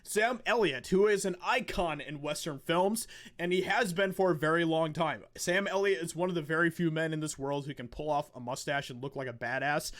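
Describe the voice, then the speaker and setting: A man with a somewhat high voice delivers opinionated video commentary. He sounds like he is losing his voice. His talk is emphatic, full of repeated words and restarts. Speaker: commentary channel host.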